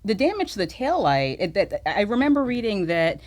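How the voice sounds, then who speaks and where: A woman's voice: medium pitch, sing-song, brisk, a little mellow. A woman co-hosting a casual legal podcast as a trial attorney, questioning and skeptical.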